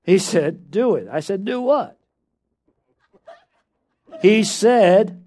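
A man preaching a sermon, telling a story and then building to loud, emphatic declarations, often calling out "come on now.". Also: sits high, expressive, extremely slow, long pauses. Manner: repeats "come on now" to the audience.

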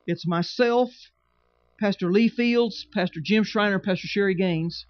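A man's voice: high voice, measured pace, dry recording, muffled recording. A man preaching a sermon with emphatic, repetitive phrasing and humorous asides. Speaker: pastor.

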